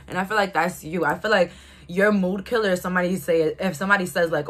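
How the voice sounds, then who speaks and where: This is a young woman, talking through a tarot reading like a chat with friends. She is outspoken and quick to laugh, and her voice sits a little low. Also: fairly even intonation. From Brooklyn, New York. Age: 20s. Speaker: tarot reader. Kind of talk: casual tarot reading to viewers.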